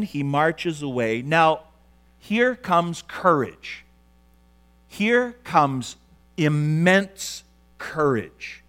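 A man's voice: fairly high pitch, fairly bright tone. A man preaching a sermon, retelling a story with dramatic flair and acting out the quotes.

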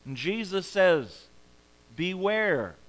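Slow-preaching man with a high voice. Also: big pitch swings, low-quality recording. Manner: slow, deliberate preaching with dramatic pauses. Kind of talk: sermon.

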